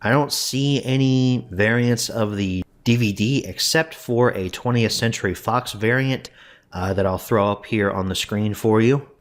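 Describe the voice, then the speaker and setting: Low-voiced man hosting a review vlog. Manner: mock-sobbing, exaggerated emotional outbursts at the start; conversational, with frequent restarts and asides. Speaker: host of a home media review show.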